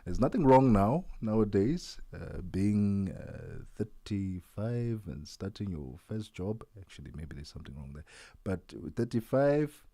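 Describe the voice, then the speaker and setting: Chatty radio host, low voice. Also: male voice, very animated, unhurried, mellow. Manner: chatty, loose, with many fillers. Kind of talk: casual radio chat. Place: radio studio.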